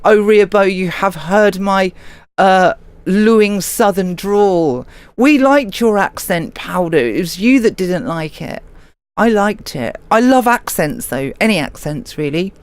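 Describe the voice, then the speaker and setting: A woman hosts a live radio stream, reading out viewer comments in a loose, casual chat. Her voice sits at a middling pitch. She is affectionate and easygoing, calling her listeners darling. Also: expressive, a little slow, no echo. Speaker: livestream radio host.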